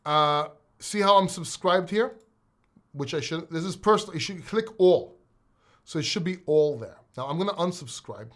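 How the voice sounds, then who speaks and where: Man, crypto live stream host, fairly high voice, excitable, emotional, swears freely, casual chat with viewers. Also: moderate pace. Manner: talks straight to his chat viewers.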